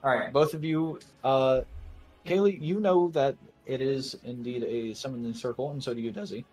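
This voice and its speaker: Young male game master, casual and halting. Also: medium pitch, steady tone, darkish tone, soft background music. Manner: casual, hesitant narration with many fillers. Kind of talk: narrating a tabletop game.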